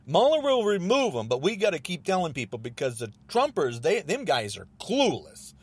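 An angry man hosting his own podcast, ranting about politics in an agitated, repetitive way, often rising almost to a shout. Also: fairly high pitch, very animated, normal speed, slightly rough. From United States. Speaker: podcast host.

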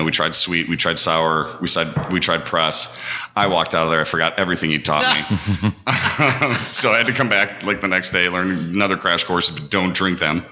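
A man's voice: deep voice, bright, forceful tone, in a large hall, lo-fi sound. A man in his thirties, a podcast guest, telling rambling stories about his bartending years in a casual way. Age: 30s. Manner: rambling, with frequent fillers like "this, that, and the other". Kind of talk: casual storytelling.

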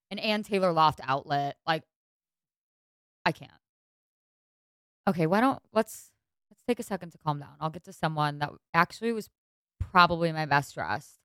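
A young woman hosts a podcast with a smooth, clear voice, recorded close and dry with no room around her. She talks in a lively, exasperated way that tips into gushing, swinging between mock outrage and fond praise. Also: low voice, moderate pace, long pauses, dry recording. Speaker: podcast host. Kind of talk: casual fashion commentary.

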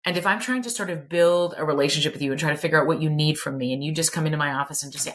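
A woman's voice: deep voice, racing, hardly any pauses. A middle-aged woman, a clinical psychologist talking candidly as an interview guest, emphatic and blunt, swearing casually.

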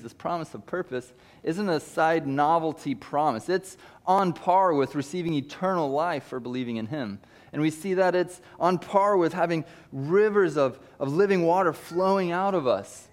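Man, thirties, pastor, sermon, animated preaching, acts out quotes. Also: a little high.

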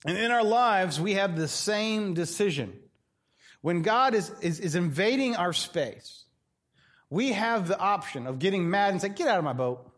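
Middle-aged male pastor, high-ish voice, animated preaching that acts out quoted voices. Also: unhurried. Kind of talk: sermon.

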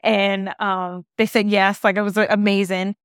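A woman's voice: mid-range voice, flat delivery, normal speed, clean tone, dry recording. Woman, solo podcast host, casual rambling storyteller, lots of "like", dry close sound. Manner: rambling storytelling, heavy use of "like". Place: her new apartment.

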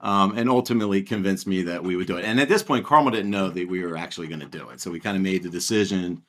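Middle-aged guy cohosting a podcast, lowish voice, easygoing, lots of ums. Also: quick pace. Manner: relaxed storytelling with frequent fillers. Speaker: podcast co-host. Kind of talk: casual podcast chat.

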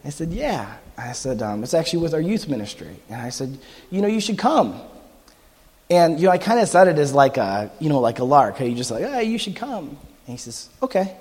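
A pastor preaches a sermon in a church sanctuary, telling stories with animation and acting out the voices of the people in them. His voice is medium-pitched, husky and a little fast, with long hall reverb.

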